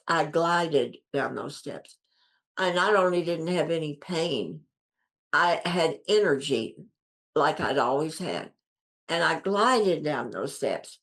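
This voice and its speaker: An older woman with a deep, low-set voice recounts her own story for an interviewer. She speaks earnestly and with emphasis, repeating key phrases and lifting her voice to play out what others said. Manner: earnest, acts out quoted dialogue with lifted voice. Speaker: guest.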